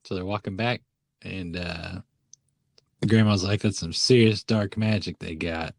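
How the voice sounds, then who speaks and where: A man's voice: low-pitched, fairly even intonation, measured pace, vocal fry, no room sound, clean studio sound. A man co-hosting a podcast, retelling a movie in casual chat, laughing often and briefly acting out the characters' lines. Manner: laughs often, acts out quotes in funny voices. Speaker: podcast co-host.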